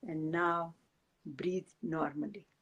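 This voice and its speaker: A woman teaching and leading a guided meditation, giving gentle step-by-step breathing instructions. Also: sits low, fairly even intonation, breathy edge, highs cut off. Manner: slow, gentle guiding instructions.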